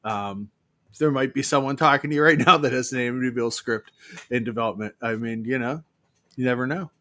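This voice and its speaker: A man's voice: medium pitch, a little fast, a bit bright, no echo, studio quality. A man in his fifties co-hosting a show, rambling through jokes with lots of fillers. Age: 50s. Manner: rambling, joking, many fillers. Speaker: co-host. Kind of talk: casual banter.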